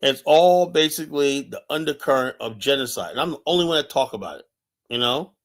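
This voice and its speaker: A man's voice: medium pitch, lively intonation, fairly quick. A man from the United States hosting a live stream, delivering an urgent, impassioned monologue and repeating his points with many fillers.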